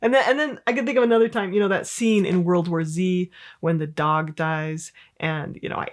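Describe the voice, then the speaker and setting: A middle-aged woman therapist talks straight to the listener in a relaxed, candid way. Her voice sits a little low, and her sentences are loose and full of fillers like "like" and "you know.". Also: moderate pace. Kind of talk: casual educational monologue.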